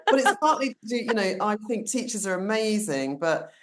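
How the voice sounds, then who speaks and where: A woman's voice: mid-range voice, big pitch swings, a little fast. A middle-aged woman from England with a mixed, London-leaning accent, a coach talking reflectively as a guest in a casual podcast conversation. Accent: mixed English, London-leaning. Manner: reflective, chatty, laughs easily.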